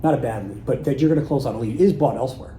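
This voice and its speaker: A man's voice: mid-range voice, very fast, dark tone, reverberant, slight background noise, low-quality recording. A man leading a live sales workshop, talking casually and acting out sample voicemails and emails. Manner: conversational, acts out sample calls and emails. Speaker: sales trainer.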